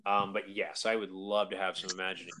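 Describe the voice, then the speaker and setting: A man's voice: sits low, little pitch movement, brisk, pushed and bright. A man, a convention organizer, chatting enthusiastically in a podcast interview with lots of fillers. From South Carolina. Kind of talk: casual interview chat.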